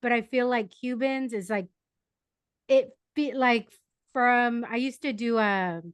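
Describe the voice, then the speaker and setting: A woman from San Diego with a fairly high voice hosts a relaxed podcast chat. She asks curious questions and laughs along easily, recorded dry and close with no room echo. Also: slow pace, clean tone. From San Diego, United States. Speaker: podcast host. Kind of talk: casual interview chat.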